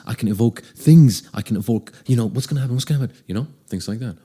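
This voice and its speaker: A man's voice: mid-range voice, animated, fast, mellow, slightly rough. A man giving tips on speaking with a confident voice, talking straight to the listener and often shifting his pace and volume to show what he means. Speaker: voice coach. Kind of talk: direct-to-camera vocal tips.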